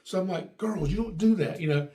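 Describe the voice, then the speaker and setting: Guy, middle-aged, high-ish voice, tells a funny story, gets loud doing the voices. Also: brisk. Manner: animated, acts out quotes with raised voice. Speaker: podcast host. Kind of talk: casual storytelling.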